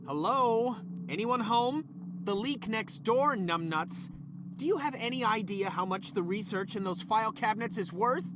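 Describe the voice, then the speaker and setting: A cranky, sarcastic scientist. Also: male voice, sits high, animated, normal speed, background noise. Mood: irritated. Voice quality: snappish, sarcastic, then apologetic. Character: irritable middle-aged male scientist, stressed and short-tempered. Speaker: game character. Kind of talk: video game voice acting.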